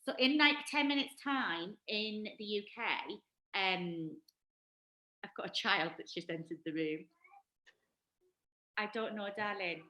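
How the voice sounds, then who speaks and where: A woman's voice: medium pitch, measured pace, pauses often, bright, forceful tone, reverberant, low-quality recording. Giggly Northeast English woman host. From Northeast England. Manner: giggly, self-deprecating. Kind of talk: casual livestream chat.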